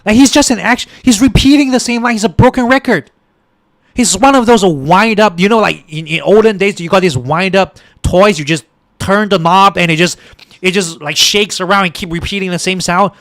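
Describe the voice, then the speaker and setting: Brief: male political streamer, high voice, dry close mic, exasperated rant full of restarts. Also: moderate pace, fairly bright tone, no echo. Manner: exasperated, repetitive, stumbling restarts. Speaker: political podcast host and livestreamer. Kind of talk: ranting political commentary to a stream audience.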